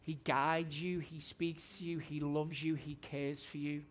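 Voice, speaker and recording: A man in his forties preaching a testimony sermon in a church hall, fervent and shouting at his high points. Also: flat delivery, measured pace.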